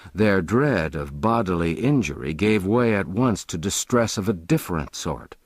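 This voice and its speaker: A man narrating a classic novel as an audiobook, measured and expressive. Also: on the low side, no room sound, clean studio sound.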